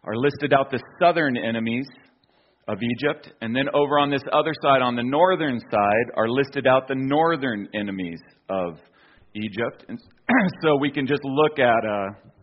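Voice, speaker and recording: A man's voice: mid-range voice, moderate pace, muffled recording. Man giving a casual slideshow talk. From United States. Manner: storytelling with fillers and restarts, chuckling. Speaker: speaker presenting an archaeology slideshow.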